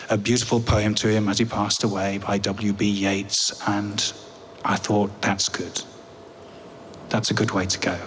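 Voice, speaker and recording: An English man telling a personal story on stage, with a wry, halting delivery that repeats words. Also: fairly low pitch, a bit bright, in a large hall, a little hiss or hum. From England.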